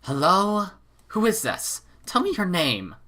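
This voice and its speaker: A man's voice: sits high, huge pitch swings, slow, sharp tone, pitched above the performer's own voice, heavily acted. A man voicing a stern, proud middle-aged noblewoman who talks in an indignant, commanding, clipped way.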